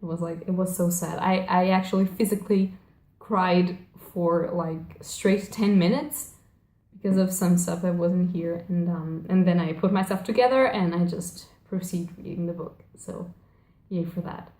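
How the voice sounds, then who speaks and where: A woman's voice: lowish voice, steady tone, normal speed, mellow. Rambling young woman in an echoey room. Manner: rambling, gushing, self-correcting, frequent fillers. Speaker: book vlogger. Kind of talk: casual chat.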